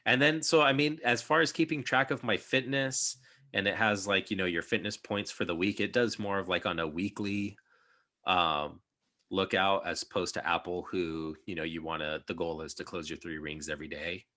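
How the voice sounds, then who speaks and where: A young man talks casually as a podcast host, rambling through his thoughts with plenty of fillers. His voice sits low but has a bright, forward edge. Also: steady tone, moderate pace. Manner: rambling, many fillers and restarts. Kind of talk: casual chat.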